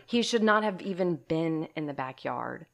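Low, gravelly-voiced woman telling a story. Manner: animated, emphatic, swears casually; addresses listeners as y'all. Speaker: podcast co-host. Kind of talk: casual storytelling chat.

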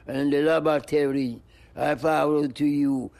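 The interviewee is an older man and music pioneer whose slightly high voice is creaky, a little mellow, and steady in tone at normal speed. He delivers rhythmic, chanted poetry and wordplay, sing-song and free-flowing, with animal noises and laughter.

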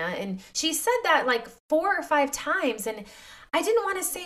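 A woman in her thirties hosts a heartfelt faith-based podcast and speaks openly to her listeners. Her voice sits a little high. She is confiding and chatty, and often close to tears. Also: big pitch swings, moderate pace, a bit bright. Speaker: podcast host.

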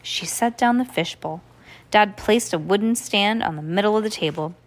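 A woman's voice: mid-range voice, moderate pace. A woman reading a children's book aloud, with occasional slips and restarts. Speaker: reader.

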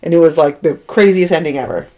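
A woman co-hosting a podcast, chatting casually and answering with short, relaxed replies. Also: deep voice, fast. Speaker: podcast co-host. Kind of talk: casual chat.

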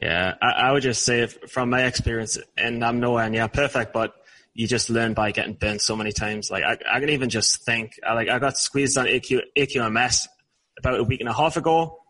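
A man's voice: mid-range voice, brisk, pushed and bright, low-quality recording. A young man hosting a podcast, chatting casually and teasing his co-host. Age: young adult. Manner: joking, teasing. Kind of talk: casual chat.

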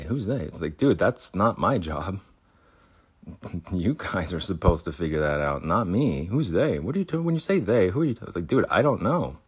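Brief: agitated male podcast host, very low voice, rambling frustrated monologue at home. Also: breathy edge. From Utah. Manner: agitated, exasperated, rambling with many restarts. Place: home with cats.

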